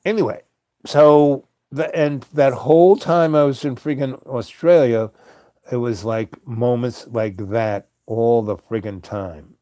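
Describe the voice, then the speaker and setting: A man rambles through a late-night story, hesitant and full of fillers and soft chuckles. His voice is mellow and warm, recorded dry and close with no room sound. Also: medium pitch, steady tone, slow, dry recording. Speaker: host.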